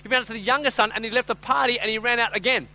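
A man preaching a sermon as pastor, telling a story conversationally with "right?" and "I'm telling you", acting out voices and swinging from loud to hushed. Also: extremely high pitch, fairly even intonation, very fast, rough recording.

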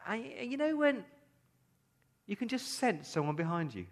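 A man speaking as Mary Magdalene, a grieving woman turned joyful witness, telling her story in a sermon monologue. The voice sits rather high for a man and swings widely, halting and earnest, now hushed, now ringing out. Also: very animated. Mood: emotional. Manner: earnest, halting, with emotional retelling. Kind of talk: first-person dramatic monologue in a sermon.

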